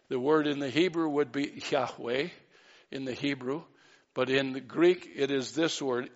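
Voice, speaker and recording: A man's voice: mid-range voice, fairly even intonation, moderate pace. A man preaching a sermon in an earnest, emphatic way, with fillers and restarts. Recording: dull sound with long hall reverb.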